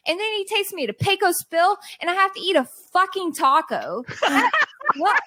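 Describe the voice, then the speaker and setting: Woman, podcast guest, casual storytelling, exasperated, lively swooping voice. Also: extremely high pitch, normal speed, slight background noise. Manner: animated, exasperated storytelling with quoted dialogue.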